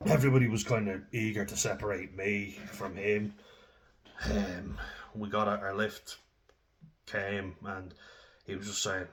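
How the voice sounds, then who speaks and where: A man's voice: on the low side, steady tone, a little slow, pauses often, slight background noise. A young Irish man telling candid, sweary stories about his own drinking, casual and self-deprecating. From Ireland. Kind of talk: candid personal storytelling.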